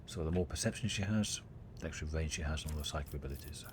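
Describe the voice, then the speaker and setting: Very deep-voiced man, quiet let's-play chatter. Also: fast. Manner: relaxed, muttered, reads game text aloud. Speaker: gamer playing a video game. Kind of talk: casual let's-play commentary. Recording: loud background noise.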